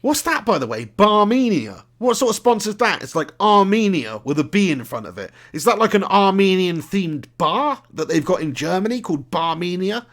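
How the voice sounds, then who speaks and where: A man's voice: high-pitched, big pitch swings, normal speed, few pauses, fairly bright tone. A man from England, chatting casually and laughing often while commentating a live game stream. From southern England. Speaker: gaming streamer. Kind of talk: live gameplay commentary and chat.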